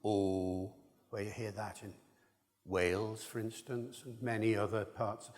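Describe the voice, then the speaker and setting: A man's voice: fairly low pitch, steady tone, normal speed. Older man lecturing in a reverberant hall. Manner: discursive and enthusiastic, with asides. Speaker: linguist lecturer. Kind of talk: public lecture.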